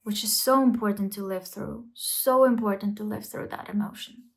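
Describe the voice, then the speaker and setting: Rich: A woman speaks straight to her viewers in an easygoing motivational vlog. Her voice sits at an ordinary middle pitch. She coaches with earnest conviction and keeps asking rhetorical questions to pull the listener along. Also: steady tone, moderate pace, creaky. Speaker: self-help vlogger. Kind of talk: casual motivational talk to camera.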